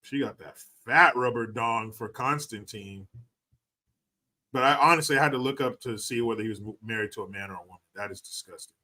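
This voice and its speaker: A man's voice: mid-range voice, brisk, bright, forceful tone. A man hosting a livestream and commenting in a mocking, profane, casual way. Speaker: livestream host.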